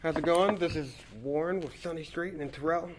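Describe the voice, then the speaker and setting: A man's voice: a little high, a little fast, poor audio. A man interviewing a voice actor at a convention, laughing often and chatting like an eager fan. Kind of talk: casual interview chat. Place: busy convention floor.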